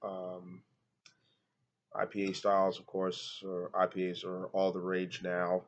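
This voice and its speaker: In a low, completely flat voice that's congested and nasal, a man reviews a beer at home for a casual vlog, drifting between rooms. He speaks at a measured pace but rambles and hesitates, leaning on fillers. His laptop's built-in mic gives lo-fi sound with slight background noise.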